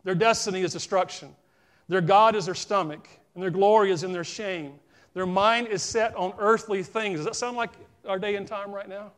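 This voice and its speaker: A man's voice: high voice, steady tone, normal speed, fairly bright tone. A middle-aged man with a Southern US accent, preaching a folksy sermon and talking straight to his congregation. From South Carolina, US. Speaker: pastor.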